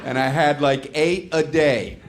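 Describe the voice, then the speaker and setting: A middle-aged man performing a stand-up routine, telling a story in an animated way and acting out voices and exasperated asides. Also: fairly high pitch, a little slow. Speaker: stand-up comedian. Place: comedy stage with audience laughter. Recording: live show with faint room noise.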